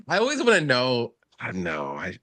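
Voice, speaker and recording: A man with a bright, crisp tone and a lively, swooping pitch hosts a casual live stream. He reads viewer comments aloud and banters in a playful, giggly way. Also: a little slow. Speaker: stream host.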